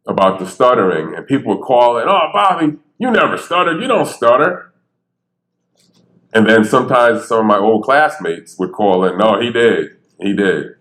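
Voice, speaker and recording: A man's voice: on the low side, poor audio. An older man from Bridgeport with a slight stutter, telling stories on a theater stage. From Bridgeport, Connecticut. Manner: animated storyteller, acts out voices, slight stutter. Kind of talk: storytelling talk.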